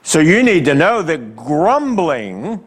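With big swings in pitch and a breathy edge, a pastor preaches slowly, stressing each phrase, letting pauses hang, and questioning the congregation directly. His voice sits slightly above typical male pitch, and long reverb follows every line, like a vast sanctuary.

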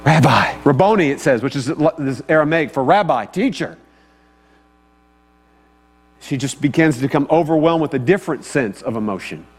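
A man's voice: on the high side, lively intonation, moderate pace, pauses often, darkish tone. A man preaching a sermon in a conversational way, often asking his listeners questions. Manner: conversational, asks the audience questions. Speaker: pastor. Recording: long hall reverb, faint mains hum.

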